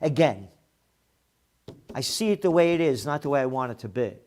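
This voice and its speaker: A man's voice: medium pitch, lively intonation, moderate pace, a little mellow. A man hosting an opinionated news commentary show, blunt and sarcastic, with profane heated outbursts. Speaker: host of a trends commentary show.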